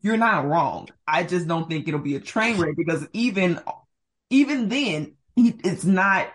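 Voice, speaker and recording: A woman's voice: fairly low pitch, expressive, unhurried. A woman co-hosting a sports podcast in casual chat, talkative and laughing often. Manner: chatty, laughs often, hedging with "like". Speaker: podcast co-host.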